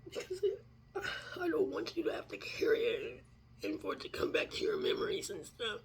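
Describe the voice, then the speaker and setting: A man's voice: high-pitched, huge pitch swings, brisk, vocal fry, slight background noise. A man giving an emotional religious message, tearful and often breaking into whispers, then turning intense and condemning. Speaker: religious speaker.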